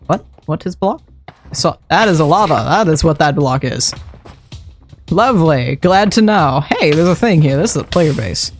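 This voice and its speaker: A man's voice: on the high side, expressive, normal speed. A man livestreaming a game, chatting and muttering his thoughts aloud as he plays. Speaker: streamer. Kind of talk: live game-stream commentary. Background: faint background music.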